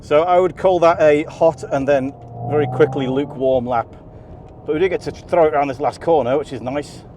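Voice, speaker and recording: A man presenting a car video, giving excited, chatty commentary from inside a car on a race circuit and often laughing. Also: fairly high pitch, fairly quick. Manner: enthusiastic, chatty, breaks into laughter. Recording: loud engine and road noise. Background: car engine and track noise.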